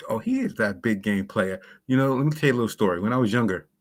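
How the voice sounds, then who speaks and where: A man's voice: fairly low pitch, expressive, fast talker. A man co-hosting a sports talk show, answering casually and laid-back, often saying "you know what I'm saying.". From Boston area.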